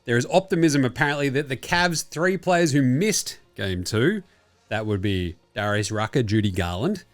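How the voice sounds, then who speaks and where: Casting: young Australian man, sports podcast host, animated up-and-down delivery, profane and rambling. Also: mid-range voice, moderate pace. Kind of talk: casual sports chat.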